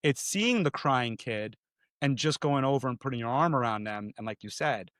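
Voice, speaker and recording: A man who is an executive coach and a podcast guest, talking in an animated, conversational coaching manner that often acts out quoted voices. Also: medium pitch, normal speed, clean tone, dry recording, studio quality.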